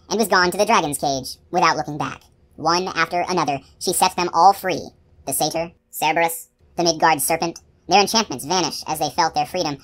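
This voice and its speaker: Woman reading a fantasy book out loud, low deep voice, steady and calm. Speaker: audiobook narrator. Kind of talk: novel read aloud.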